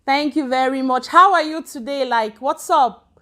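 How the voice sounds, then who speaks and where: A woman's voice: sits high, normal speed. A woman from Cameroon hosting her own live stream, chatting casually and greeting viewers by name as they join. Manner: chatty and warm, switching between English and Swedish, greeting commenters by name. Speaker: channel host on a live stream.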